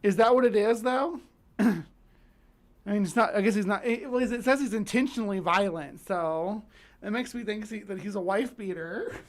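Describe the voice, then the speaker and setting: A woman with a mid-range voice hosts a casual livestream at a moderate pace. She's chatty and rambling, reading aloud with fillers and restarts and reacting to her viewers.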